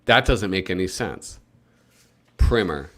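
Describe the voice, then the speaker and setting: A man's voice: lowish voice, lively intonation, measured pace, fairly bright tone. A man hosting a casual livestream, rambling and chatting with his viewers with plenty of fillers. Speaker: livestream host. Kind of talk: casual live commentary.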